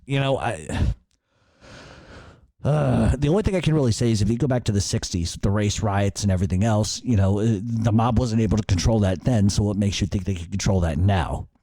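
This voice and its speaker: A middle-aged man, answering listener questions on his radio show in a loose, profane storytelling way. His voice sits low and warm. The recording is dry and close, with no room sound. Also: fairly quick, dry recording. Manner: blunt, profane, conversational, reads questions then answers. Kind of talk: casual Q&A storytelling.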